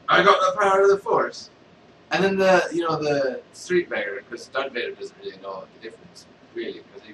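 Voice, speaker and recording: A man's voice: mid-range voice, background noise. Rambling man far off in an echoey room. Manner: rambling, checks in with listeners. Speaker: host. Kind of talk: casual comedy monologue.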